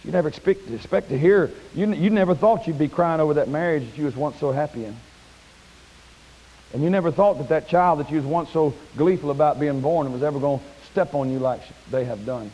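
A man preaching a sermon in a church, folksy and plain-spoken, climbing to high shouted peaks. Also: brisk, poor audio. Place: church sanctuary.

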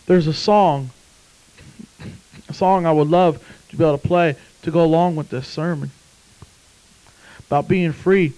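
High-voiced impassioned man preaching. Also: steady tone, unhurried, pauses often, low-quality recording. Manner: impassioned, swings from hushed to shouting. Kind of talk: sermon.

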